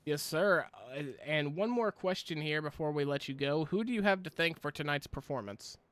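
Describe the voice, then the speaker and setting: Polite booth interviewer, man, smooth and slightly higher voice. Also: animated, fairly bright tone, dry recording. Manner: polite, slightly halting questions. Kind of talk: post-race interview.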